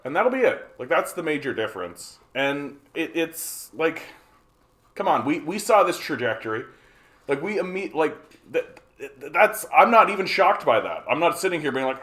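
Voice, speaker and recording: Animated Canadian man ranting on a livestream. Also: mid-range voice, normal speed. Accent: Canadian English. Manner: animated and profane, frequent restarts and filler; answers chat questions aloud. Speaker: livestream host. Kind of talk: ranting political livestream commentary.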